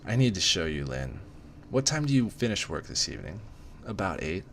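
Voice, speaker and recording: A man voicing a brooding, controlling rich young man in an amateur dramatic reading, speaking in a low, hushed, smooth way. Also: sing-song, normal speed, slight background noise, exaggerated voice.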